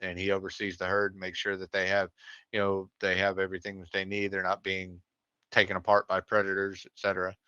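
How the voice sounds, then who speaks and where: A man's voice: low voice, monotone, brisk, bright, forceful tone, clean tone, no room sound. Laid-back male livestream co-host, dull dry audio. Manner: easygoing, recaps with short affirmations and filler "uh". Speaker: co-host of a veteran livestream show. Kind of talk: casual livestream recap chat.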